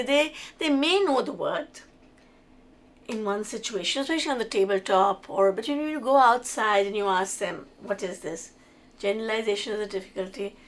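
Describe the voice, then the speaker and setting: A woman's voice: mid-range voice, a little hiss or hum. A middle-aged woman, giving a conversational lecture. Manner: conversational, with restarts and examples. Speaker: lecturer on autism.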